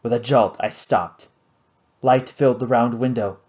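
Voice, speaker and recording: A man's voice: mid-range voice, steady tone, measured pace, a little mellow. A man reading a novel aloud as an audiobook narrator, telling the story expressively. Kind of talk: scripted narration.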